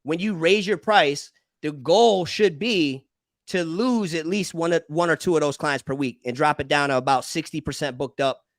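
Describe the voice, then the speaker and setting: A man's voice: fairly high pitch, moderate pace, no room sound, studio quality. A man hosting a casual business debate, explaining step by step with frequent restarts. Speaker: podcast host and barber.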